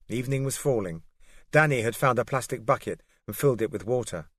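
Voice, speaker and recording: An audiobook narrator reads scripted fiction at an ordinary middle pitch, steady and measured. His recording is dry and close, with no room sound around it.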